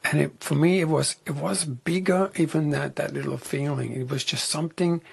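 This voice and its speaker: A man talking reflectively as an interview guest, soft-spoken and often dropping into a whisper. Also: on the high side, steady tone, moderate pace, gravelly, slightly rough.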